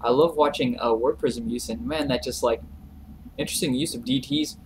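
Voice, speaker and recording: A man giving relaxed, chatty video game commentary, chuckling often between plays. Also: mid-range voice, moderate pace, creaky, background noise. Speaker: game caster.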